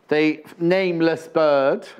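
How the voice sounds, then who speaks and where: A man's voice: a little high, fairly even intonation, takes it slowly, a little mellow, smooth. A man presenting a live home shopping TV show, chatting about fabrics and prices with jokey, teasing asides in a studio. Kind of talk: live TV sales chat.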